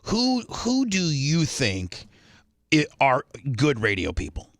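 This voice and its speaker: A male radio host talks with a bright, forceful, somewhat high voice. He chats bluntly and crudely with his guest, eager and profane, in a dry studio sound. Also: huge pitch swings, slow pace, dry recording. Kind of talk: crude radio interview chat.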